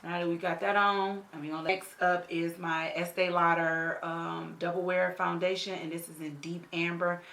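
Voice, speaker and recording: A woman's voice: fairly low pitch, little pitch movement, normal speed, few pauses, a bit bright. A woman in her thirties telling a story while doing her makeup. She talks bluntly, swears, and drives home her points with repeated "okay?". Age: 30s. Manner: emphatic storyteller, tags lines with "okay?"; blunt, salty slang and swearing. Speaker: beauty vlogger. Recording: roomy echo.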